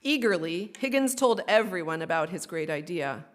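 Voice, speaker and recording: A woman minister telling a story for all ages during a worship service, expressive and gently inviting. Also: lowish voice, moderate pace.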